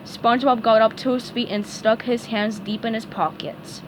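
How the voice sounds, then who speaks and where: A woman reading a cartoon fan story aloud, slowly and carefully, with the odd stumble. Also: fairly high pitch, steady tone, background noise. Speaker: fan fiction reader. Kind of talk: storybook read-aloud narration.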